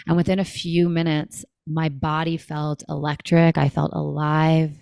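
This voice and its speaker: Woman in her 30s, deep for a woman, lively storyteller, dry close mic, podcast guest. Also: measured pace, gravelly, smooth, dry recording. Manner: animated, acts out quoted dialogue, frequent "like". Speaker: guest, breathwork company founder. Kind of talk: conversational storytelling.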